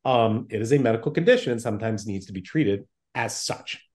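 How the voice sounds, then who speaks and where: A man's voice: on the low side, lively intonation, brisk, darkish tone. Male doctor, plain-spoken and emphatic in interview. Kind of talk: explanatory interview talk.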